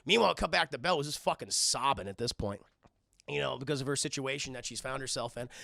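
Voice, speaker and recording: A man streaming a casual, profane scene-by-scene film recap, animated and laughing often. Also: medium pitch, quick pace, vocal fry, dry recording, clean studio sound.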